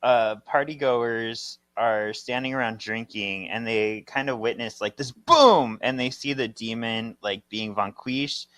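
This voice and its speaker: Slow, lively podcast voice, dry sound. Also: mid-range voice, no echo. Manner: lively, unhurried storytelling with filler words. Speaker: podcast panelist. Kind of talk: casual chat recapping a comic.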